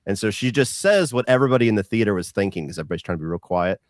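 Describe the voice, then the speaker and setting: A man in his thirties with a very deep voice tells relaxed, wry stories in casual chat. The sound is dry and close, with no room echo. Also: rapid-fire. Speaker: podcast guest.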